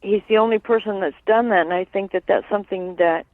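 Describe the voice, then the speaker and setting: A woman guest being interviewed, speaking earnestly and haltingly with many fillers and tag questions like "right?". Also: mid-range voice, no room sound. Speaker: guest, sister of a late musician. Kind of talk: candid interview over the phone. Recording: dry tinny phone line.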